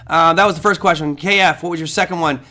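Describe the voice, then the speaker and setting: A man's voice: a little high, fairly even intonation, quick pace, sharp tone. A man hosting a live trading show, chatting casually as he answers viewer questions off the cuff.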